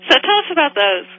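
Female radio host, playful and teasing, very bright tone, dry studio sound. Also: sits high, no room sound, rough recording. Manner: joking, teasing, laughs often. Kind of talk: casual interview chat.

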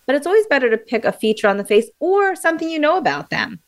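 A fast-talking woman with a high voice is interviewed on radio about memory techniques. She explains them in an animated way, with plenty of fillers and restarts.

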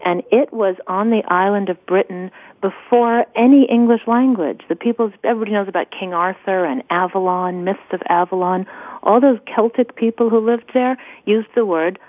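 A woman's voice: mid-range voice, moderate pace, dry recording. A woman author in a radio interview, explaining with eager enthusiasm. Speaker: author guest. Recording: dry, phone-like radio sound.

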